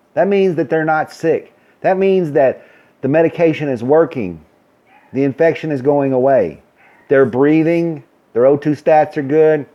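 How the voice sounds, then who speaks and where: A man's voice: fairly high pitch, highs cut off. A man who works as a nursing supervisor, telling a story in a blunt, ranting way and acting out the dialogue. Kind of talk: casual storytelling rant.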